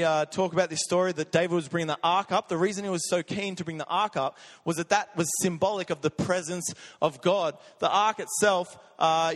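High-voiced energetic preacher, hall echo. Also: male voice. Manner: energetic storytelling, laughs often. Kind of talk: sermon. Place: church hall. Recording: long echo of a church hall.

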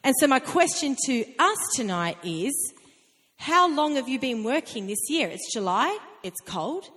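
A woman preaching a sermon in a conversational, animated way, with laughing asides. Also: high voice, unhurried. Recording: long reverb of a hall.

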